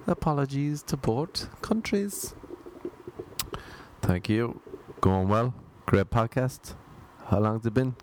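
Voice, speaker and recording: A man's voice: mid-range voice, sing-song, slow, darkish tone, slight background noise. A man hosting a casual solo podcast, rambling and joking asides to himself. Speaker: podcast host. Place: home in Los Angeles.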